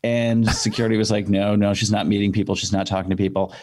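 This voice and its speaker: A man's voice: lowish voice, quick pace. A man telling a long anecdote in casual chat, acting out the people in it and using many fillers and restarts. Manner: animated anecdote with quoted voices. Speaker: storyteller guest. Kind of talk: casual storytelling.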